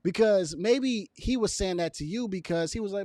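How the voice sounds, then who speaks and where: A man's voice: high voice, normal speed, a little mellow, no echo, studio quality. A man giving casual opinion commentary to camera, emphatic and repetitive, with chuckles between his points. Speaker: video commentator.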